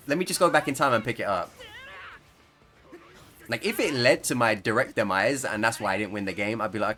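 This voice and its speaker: A man's voice: on the low side, animated, a little fast, pauses often, bright, forceful tone, soft background music. A man giving casual, rambling commentary over his own gameplay, joking and laughing as he talks. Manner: rambling, jokey, laughs often. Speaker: gaming YouTuber.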